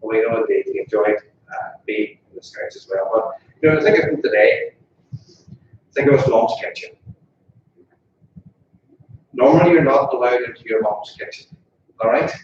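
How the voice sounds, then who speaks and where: A man's voice: medium pitch, normal speed, long pauses, slight background noise. A man with a Northern Irish accent giving an informal funeral eulogy in a funeral parlour chapel, chatty and jokey, often asking the mourners questions. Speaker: funeral officiant. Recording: distant, echoey, dull room recording.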